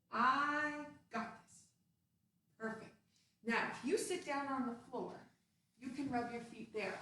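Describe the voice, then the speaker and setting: A woman's voice: a little high, far from the mic. Echoey woman leading a kids' movement class. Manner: playful, instructive, sing-song. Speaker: children's movement teacher. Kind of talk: guided kids' movement lesson. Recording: very echoey room, voice off-mic, faint hiss.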